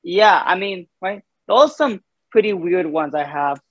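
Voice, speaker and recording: A man's voice: sits high, expressive, measured pace, dry recording, muffled recording. A young man in casual chat, laid-back and hesitant, often saying "man".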